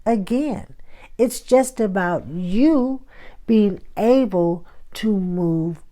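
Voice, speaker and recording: A woman's voice: mid-range voice, lively intonation, very slow, dark tone. A woman hosting her own show, giving motivational advice in a conversational way and acting out everyday scenes. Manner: conversational, acts out everyday dialogues. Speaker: host. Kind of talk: motivational talk.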